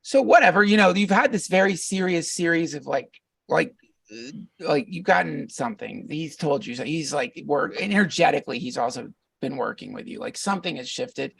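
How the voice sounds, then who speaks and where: Male podcast guest, gravelly and husky, slightly high-pitched, rambling storyteller, recorded a little off-mic in a dry room. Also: moderate pace, no room sound, distant mic. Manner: rambling, animated storyteller with frequent fillers and laughs. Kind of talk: casual storytelling conversation.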